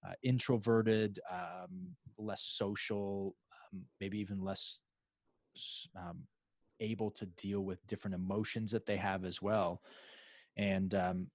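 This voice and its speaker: Low-voiced man hosting a podcast. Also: fairly even intonation, slow pace, no room sound. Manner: rambling, many restarts and fillers. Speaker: podcast host. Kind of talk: casual interview chat.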